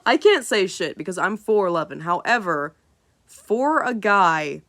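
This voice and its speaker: A woman's voice: mid-range voice, a little slow. A young woman vlogger casually telling a story, swearing freely and acting out what people said. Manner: animated, swears freely, acts out quotes.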